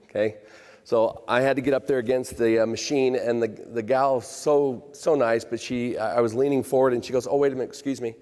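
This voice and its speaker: A man's voice: medium pitch, fairly even intonation, normal speed, darkish tone. Man telling stories on a conference stage. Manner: anecdotal, self-deprecating, acts out quoted voices. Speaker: chief revenue officer. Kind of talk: conference keynote storytelling. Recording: reverberant conference hall.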